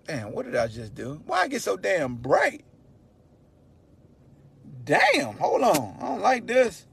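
A man hosting his own sports podcast in a loud, animated, slangy monologue, swearing freely and shouting for emphasis. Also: high voice, slow pace, creaky, long pauses, husky. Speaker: podcast host. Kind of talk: casual sports talk monologue.

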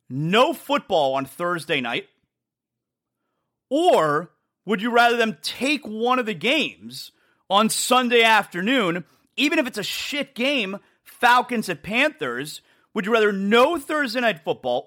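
Animated, high-voiced sports talk host. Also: male voice. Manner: animated, emphatic, repeats himself for effect. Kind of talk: solo sports talk monologue.

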